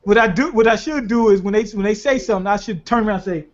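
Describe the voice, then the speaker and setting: A man co-hosting a casual chat, telling profane, animated stories and laughing often. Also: sits high, fast talker. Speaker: podcast co-host. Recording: dull lo-fi recording.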